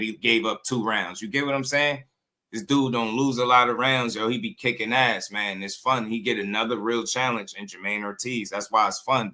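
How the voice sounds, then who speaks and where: A man's voice: fairly low pitch, bright, forceful tone. A man hosting a boxing channel, talking in loose, slangy commentary and often breaking into laughter.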